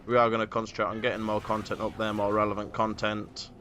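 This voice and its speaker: A man's voice: lowish voice, completely flat delivery, fast, bright, forceful tone, a little hiss or hum. A man hosting a casual podcast, rambling with many fillers. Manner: rambling, filler-heavy planning talk. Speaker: podcast host.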